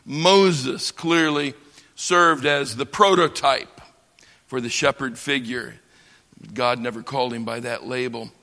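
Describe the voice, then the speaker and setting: A man from the United States teaching a lecture on scripture, slow and emphatic, pausing for effect and building his lines up. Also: medium pitch, bright, forceful tone. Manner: slow, emphatic delivery with dramatic pauses and swells. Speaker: Bible teacher. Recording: long reverb of a large hall.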